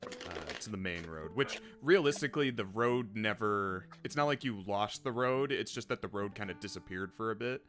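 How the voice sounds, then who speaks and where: A young man narrating a tabletop game as game master, relaxed and rambling, laughing often. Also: on the low side, normal speed. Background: background guitar music.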